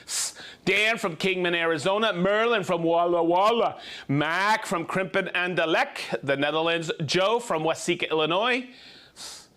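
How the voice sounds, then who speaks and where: A man hosting a live show, reading out viewer names in a playful, energetic way. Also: high-pitched. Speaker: show host. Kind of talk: live show shout-outs.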